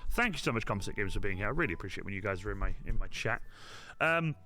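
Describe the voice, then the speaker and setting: A man's voice: on the low side, lively intonation, fast, sharp tone. A young man hosting a casual crafting livestream, chatting to his viewers and apologizing often. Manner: chatty, apologetic, talks straight to chat. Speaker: livestream host.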